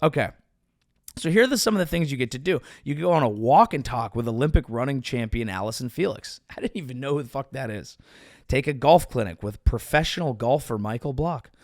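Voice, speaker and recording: A man's voice: medium pitch, lively intonation, fairly quick, darkish tone, dry recording. A man in a mid-range voice, riffing like a comedian host with sarcasm and rambling asides. His voice jumps up when he mocks something. The sound is dry and close. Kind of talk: casual comedic commentary.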